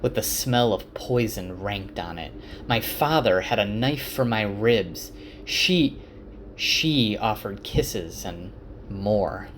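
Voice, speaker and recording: A man voicing a wary, half-mad young man who sneers and shouts at the night. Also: fairly low pitch, animated, takes it slowly, slight background noise. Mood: tense menacing.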